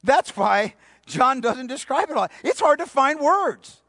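A man preaching a sermon, emphatic, repeating key phrases and dropping to a hushed voice for stress. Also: extremely high pitch, sing-song, measured pace, no echo, studio quality. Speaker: pastor.

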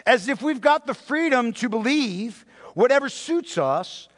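A man preaching a sermon as a pastor, emphatic, repeating phrases and slowing down to stress key words. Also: very high-pitched, lively intonation, a bit bright. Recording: long reverb of a large hall.

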